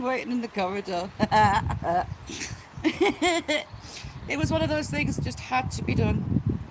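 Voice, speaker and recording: A blunt, chatty woman hosts a casual live stream from home. Her voice sits fairly high. The recording is noisy, with dogs heard in the room around her. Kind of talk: casual chat reading viewer comments.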